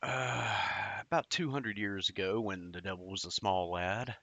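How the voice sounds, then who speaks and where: A man's voice: lowish voice, unhurried, a bit bright. A man casually telling a personal story, rambling and profane, with lots of fillers and restarts.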